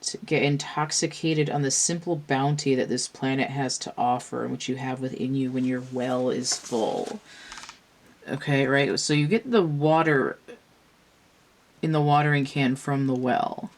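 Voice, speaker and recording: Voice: mid-range voice, fairly even intonation. A tarot reader talking casually through a card spread, musing aloud, tired from pain. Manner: slow, musing, thinks aloud with restarts.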